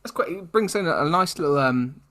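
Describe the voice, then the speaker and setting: A man's voice: fairly high pitch, expressive, fairly quick, bright, forceful tone. A young man co-hosting a podcast, reading fan fiction aloud and keeps breaking into laughter. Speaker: podcast co-host.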